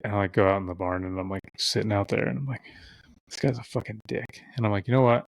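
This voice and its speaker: A young man with a lowish voice tells a winding story in casual podcast chat. He swears freely and puts on the voices of people he quotes. The sound is close and dry, with no room around it. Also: fast, creaky, no room sound. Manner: rambling, heavy swearing, acts out quoted voices. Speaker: podcast guest.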